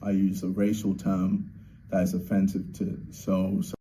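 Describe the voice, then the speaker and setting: Deep, dark-voiced man giving a formal apology. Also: monotone, a little hiss or hum. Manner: measured, hesitant, with filler "uh"s. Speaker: public figure making an apology video.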